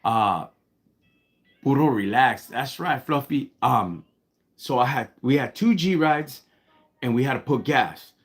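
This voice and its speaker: A man from Los Angeles with a Chicano English accent spins a long story for his live stream viewers in a relaxed, slang-heavy way. His voice sits at a middle pitch. He keeps stopping to greet and thank people in the chat. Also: a little slow, long pauses. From Los Angeles, United States. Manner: slangy and laid-back, breaks off to thank viewers. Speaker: livestream host.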